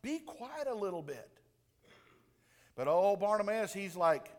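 A man preaching a sermon with animated delivery, dropping to a hush and then booming out. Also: unhurried. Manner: animated, swings from hushed to booming. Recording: long reverb of a large room.

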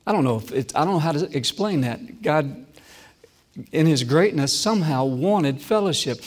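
A man preaching a sermon with personal testimony, swinging from loud emphasis to hushed, slow, repeated phrases. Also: on the high side, animated, long reverb tail.

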